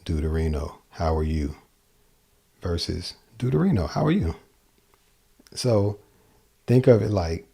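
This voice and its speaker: A guitar teacher with a low, dark, husky voice gives a casual livestream lesson, thinking aloud and often repeating and restarting phrases. Guitar playing can be heard behind him.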